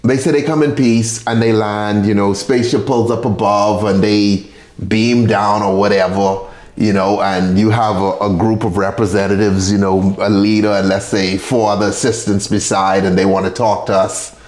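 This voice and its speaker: A man hosting a podcast, talking in a loose, profane, animated way with frequent restarts. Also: lowish voice, normal speed, echoey room. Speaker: podcast host. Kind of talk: casual chat.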